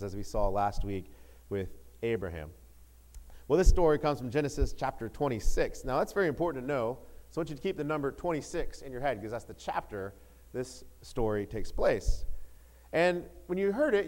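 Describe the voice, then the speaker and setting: Middle-aged pastor guy preaching, chatty and upbeat, lets out whoops now and then. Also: mid-range voice. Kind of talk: sermon.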